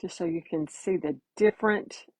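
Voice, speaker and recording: Woman, husky low voice, folksy painting instructor, dry close sound. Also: normal speed, no echo, rough recording. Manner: chatty, folksy, greets viewers by name. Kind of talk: casual live painting demo.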